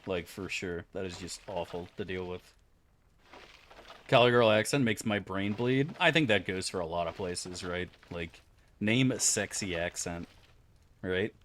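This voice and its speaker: A man with a fairly low voice, talking loosely with his viewers as he streams a game. He is from Florida and rambles from one topic to the next in an offhand, profane way. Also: unhurried, fairly bright tone, slight background noise. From Florida, USA. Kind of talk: casual chat while gaming.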